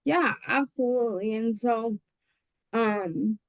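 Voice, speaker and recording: A woman's voice: a little high, takes it slowly, no echo, low-quality recording. A woman giving a casual webinar presentation, rambling with lots of fillers and restarts. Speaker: presenter on voting rights.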